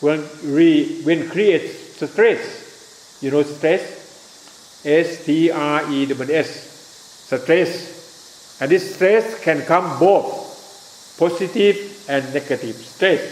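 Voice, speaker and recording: Thai-accented Dhamma teacher, male, fairly high voice, unhurried, checks often that listeners follow, echoey room with faint hiss. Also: a little mellow. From Thailand. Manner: simple halting English, keeps asking if listeners understand, spells out words. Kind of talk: Buddhist teaching talk to a group.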